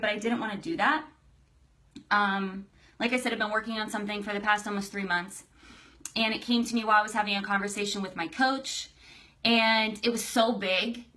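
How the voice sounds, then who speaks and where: A woman's voice: mid-range voice, pushed and bright. A young adult woman hosting a casual live stream, chatty and emotional, greeting viewers by name. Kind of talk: casual livestream chat.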